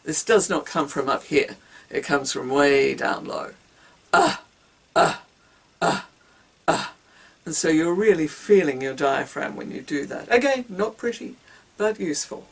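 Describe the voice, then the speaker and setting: A woman's voice: low voice, lively intonation, normal speed, few pauses, husky, far from the mic, rough recording. A woman giving a casual singing lesson, demonstrating breathing exercises with whoops, grunts and hisses. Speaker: singing teacher.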